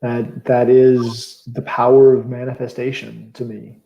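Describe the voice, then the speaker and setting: A man co-hosting a casual interview over a video call, calm and thoughtful, affirming his guest. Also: mid-range voice, a little slow, vocal fry. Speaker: co-host. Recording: roomy, dull lo-fi sound.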